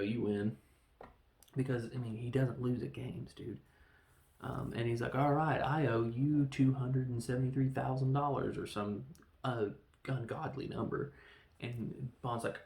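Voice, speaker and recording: Gravelly man rambling through a film recap. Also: medium pitch, darkish tone, roomy sound. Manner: rambling, acts out characters in quick voices. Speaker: podcast host reviewing films. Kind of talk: casual film review monologue.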